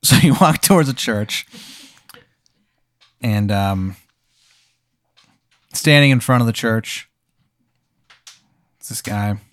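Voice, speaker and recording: A man's voice: lowish voice, slow, pauses often, a bit bright, no room sound. A young adult man narrating a comedic tabletop game as game master. He rambles, with frequent fillers and restarts.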